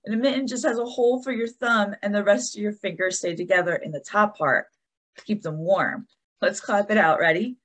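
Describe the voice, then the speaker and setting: Lively, husky woman teaching young children. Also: mid-range voice, normal speed. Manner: animated, encouraging, talks to young children. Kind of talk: children's lesson video.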